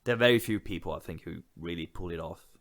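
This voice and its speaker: A man's voice: deep voice, fast, a bit bright. A man co-hosting a podcast who talks through films in a casual, reflective way and often agrees with his partner. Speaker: podcast co-host. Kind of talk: casual film discussion.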